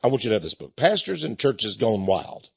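A man preaching and pitching his book in a folksy way, chuckling often and restarting his sentences. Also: sing-song, a little fast, vocal fry, slightly rough, no room sound. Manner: chuckling storyteller with many stammered restarts. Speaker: author and Christian speaker. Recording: dull lo-fi recording.

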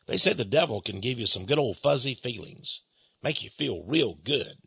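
A man's voice: mid-range voice, animated, moderate pace, gravelly, bright, forceful tone, breathy edge, dry recording. A man preaching in a radio-style commentary, emphatic and given to sarcastic asides, on a dull lo-fi recording.

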